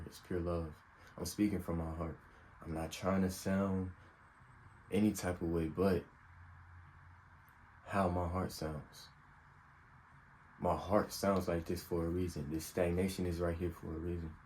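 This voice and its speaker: Deep-voiced young man giving earnest advice. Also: a little mellow, a little hiss or hum, poor audio. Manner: earnest, unscripted, vulnerable. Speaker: self-help vlogger. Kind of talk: earnest personal advice monologue.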